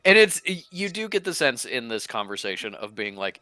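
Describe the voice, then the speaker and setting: A man running a tabletop game as game master, rambling and laughing as he quickly paraphrases what the characters say. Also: mid-range voice, very animated, sharp tone, dry recording.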